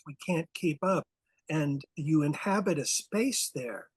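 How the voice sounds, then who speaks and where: An audience member giving halting, stammering praise after a reading. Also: medium pitch, animated, husky, dry recording.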